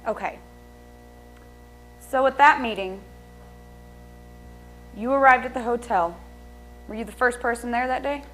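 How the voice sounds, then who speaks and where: A woman playing a lawyer who questions a witness in a measured, methodical way. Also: on the high side, a bit bright, faint music behind, rough recording. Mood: probing. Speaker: attorney. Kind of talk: improvised courtroom drama.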